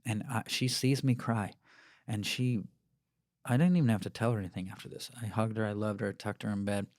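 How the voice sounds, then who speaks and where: A man with a lowish voice co-hosts a casual parenting podcast, recounting family moments earnestly. He drops softly into quoted lines as he tells them. The sound is dry and close, with little room in it. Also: fairly quick, no echo.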